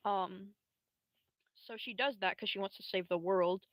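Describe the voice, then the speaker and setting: A woman's voice: mid-range voice, unhurried, dry recording. A young woman streamer telling a story in a casual, rambling way, full of slang and fillers.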